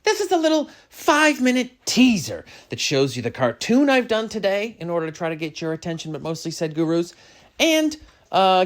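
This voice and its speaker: A middle-aged man hosting a comedic podcast monologue, rambling and jokey, swinging between a mock-solemn hush and sudden loud bursts. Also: sits high. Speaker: podcast host.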